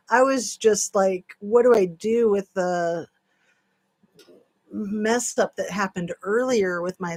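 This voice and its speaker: Slow-talking woman livestream host. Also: mid-range voice. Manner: chatty, scattered, reacting to comments. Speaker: channel host. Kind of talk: casual livestream chat.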